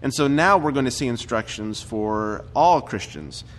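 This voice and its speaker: A man's voice: mid-range voice, animated, moderate pace, a bit bright, a little hiss or hum. A man preaching a conversational sermon in a church, talking casually with frequent fillers. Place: church sanctuary. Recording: recorded church sermon with hall reverb.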